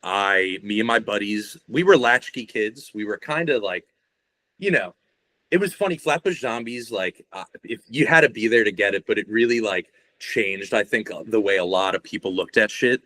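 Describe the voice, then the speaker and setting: A man's voice: lowish voice, expressive, normal speed, sharp tone. A young man, a guest on a podcast, talking in a rambling, laid-back way and swearing often. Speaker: guest, shirt artist. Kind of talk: casual podcast conversation.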